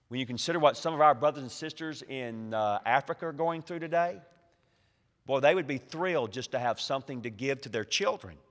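A man preaching a sermon as a pastor, slowing down to stress words and swinging between quiet and loud. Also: on the high side. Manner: emphatic preaching with slow, stressed phrases and swings in volume. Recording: reverberant hall.

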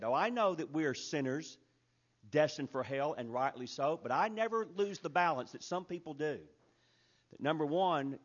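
A man preaching a sermon in an earnest, emphatic way that builds to loud peaks. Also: a little high. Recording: dull lo-fi recording.

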